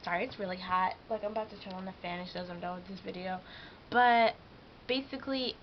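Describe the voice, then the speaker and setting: A woman's voice: mid-range voice, fast, dull audio, slight background noise. A teenage girl vlogging at home, telling a story about her job in a chatty, emotional way with lots of "like". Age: teens. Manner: chatty, heavy use of "like", emotional venting. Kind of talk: casual vlog storytelling. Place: hot room at home.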